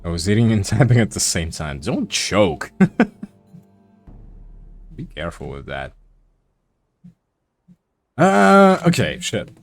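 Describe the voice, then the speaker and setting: A man's voice: low voice, sing-song, measured pace, long pauses, a little mellow, faint music behind. A man streaming while he draws, chatting casually and swearing offhandedly. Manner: laid-back, swears casually. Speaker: art streamer.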